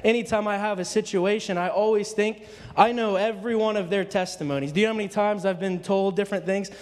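A man gives an earnest, rambling testimony to his congregation as an informal sermon, often restarting his sentences. His high-pitched, slightly mellow voice has fairly even intonation and a fast pace, with a big-room sound.

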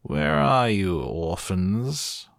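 A man's voice: lowish voice, sing-song, extremely slow, vocal fry, dry recording, clean studio sound, voice pushed up, full character voice. A man voicing a scheming villainous count with a scratchy, theatrical, bullying way of speaking in an audiobook. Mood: menacing. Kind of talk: audiobook character voice.

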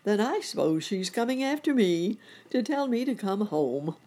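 A woman voicing a kindly, fussy old gentleman rabbit in a storybook reading. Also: mid-range voice, very animated, normal speed, pitched above the performer's own voice. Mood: rueful.

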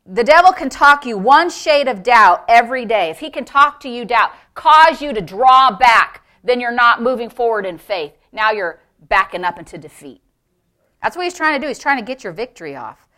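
Bright-voiced woman pastor preaching. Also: a little high, expressive, moderate pace. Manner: emphatic preaching, building to shouts; asks the congregation for responses. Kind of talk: sermon.

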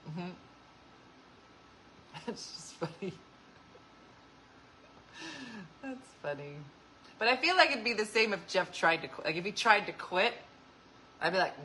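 A woman's voice: on the low side, animated, takes it slowly, long pauses, bright, forceful tone, slight background noise, rough recording. A woman hosting a casual chat show, talking with viewers, laughing often and acting out what people said. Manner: chatty, laughs often, acts out quoted voices. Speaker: host.

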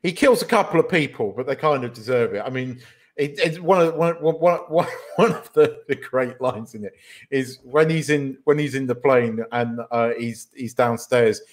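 A man's voice: mid-range voice, normal speed. A man co-hosting a podcast, chatting casually about films in a rambling, giggly way with many restarts. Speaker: podcast co-host. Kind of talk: casual film chat.

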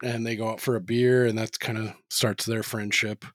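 A man's voice: on the low side, little pitch movement, normal speed, dry recording, studio quality. A man talking loosely in a casual podcast chat, rambling with lots of "like" and swearing freely.

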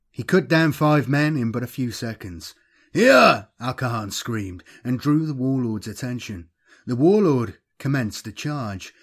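A man narrating a dramatic action story in a measured, steady reading voice. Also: mid-range voice.

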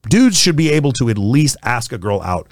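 A man in casual podcast chat, blunt and profane, telling stories in a rapid rush. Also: medium pitch, sing-song, no room sound, clean studio sound.

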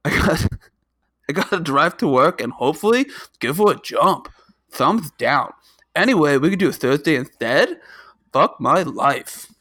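A man putting on the voice of a goofy male cartoon character with an odd, lisping inflection, speaking higher and louder than his own voice. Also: expressive, unhurried, breathy edge, no room sound, full character voice. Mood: pleading.

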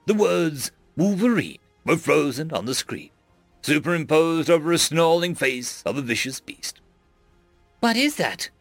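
A man narrating a scripted story in an expressive storytelling manner. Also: on the high side, normal speed, vocal fry, no room sound, soft background music. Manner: expressive storytelling, acts out many voices.

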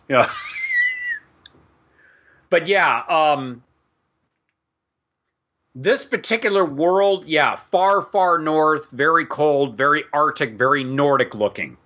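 Bright-voiced man hosting a game podcast. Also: a little high, expressive, takes it slowly, long pauses. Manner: chatty, rambling, with asides to listeners. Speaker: podcast host and game master. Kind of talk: casual chat mixed with reading setting text aloud.

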